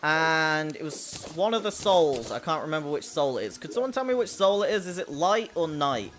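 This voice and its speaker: Young adult game streamer, childlike voice, playful chat, bouncy pitch. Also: sing-song, moderate pace, a bit bright, a little hiss or hum. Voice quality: childlike, babyish voice. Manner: playful, chatty, reads out chat. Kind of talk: casual live gameplay commentary.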